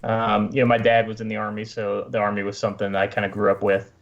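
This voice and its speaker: A man speaking as a guest comics creator over a video call, relaxed and self-deprecating. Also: fast talker. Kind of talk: casual interview chat. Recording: muffled low-fidelity audio.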